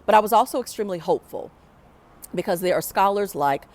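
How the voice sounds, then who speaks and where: A woman telling a personal story to an audience, animated and reflective, acting out the voices of people she quotes. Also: mid-range voice, fast. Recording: pre-recorded for a virtual event.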